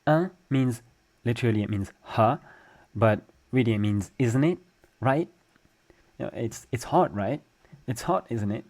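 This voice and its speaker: A man's voice: medium pitch, lively intonation, unhurried, a little mellow. A man with a French accent, a French teacher giving a casual spoken lesson, joking as he explains and drawing out example sounds. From France.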